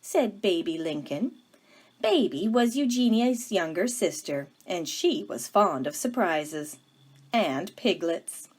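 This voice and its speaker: A woman teacher reading a picture book aloud to children, with gentle, expressive storytelling. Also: lowish voice, takes it slowly, breathy edge.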